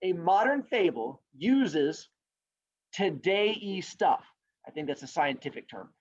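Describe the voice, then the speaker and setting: A man's voice: a little high, big pitch swings, moderate pace, breathy edge. A man teaching a class, explaining and telling a story in a playful, jokey way. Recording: dull lo-fi recording.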